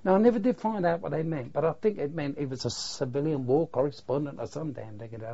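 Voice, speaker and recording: Old guy telling war stories, a bit high-pitched, earthy, swears a little, dull lo-fi sound. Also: brisk, mellow, breathy edge. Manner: plain-spoken, earthy, mild swearing. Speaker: war veteran interviewee. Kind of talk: oral history recollection. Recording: dull lo-fi recording.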